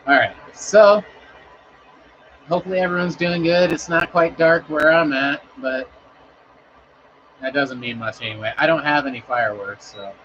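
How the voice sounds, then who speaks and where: A man's voice: on the high side, moderate pace, pauses often, fairly bright tone, lo-fi sound, slight background noise. A man chatting casually on a live stream, rambling and swearing in an easygoing way.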